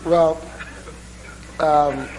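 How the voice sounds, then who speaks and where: Slow, halting preacher man. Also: a little high, steady tone, a little mellow, slight background noise, rough recording. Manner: unhurried storytelling with many fillers. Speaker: guest preacher. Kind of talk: sermon with a humorous opening.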